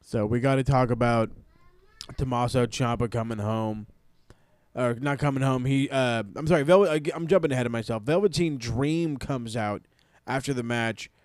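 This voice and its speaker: A man's voice: medium pitch, moderate pace, a little mellow, smooth, dry recording, studio quality. A man co-hosting a casual wrestling podcast, laid-back and swearing, acting out wrestlers' lines for laughs. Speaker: podcast co-host.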